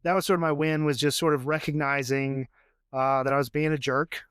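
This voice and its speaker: Guy rambling on a podcast, smooth voice, lots of likes and you knows, dry sound. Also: on the high side, flat delivery, brisk, a bit bright, no echo. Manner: rambling and chatty, full of fillers, acts out what others said. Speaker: podcast guest, father and jewelry designer. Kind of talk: casual conversation.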